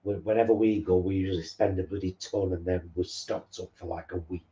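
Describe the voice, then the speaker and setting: A man's voice: low-pitched, level tone, a little fast, dark tone, lo-fi sound. A man co-hosting a casual live stream from home, chatting in a down-to-earth, bantering way. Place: home lounge.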